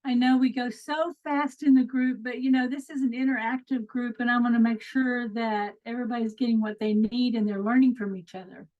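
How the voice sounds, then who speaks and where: A woman's voice: a little high, fairly even intonation, a little fast, hardly any pauses. A middle-aged woman from Texas with a Texan accent, hosting an upbeat, chatty online coaching call with easy fillers. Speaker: host. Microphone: video call. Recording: lo-fi video call audio.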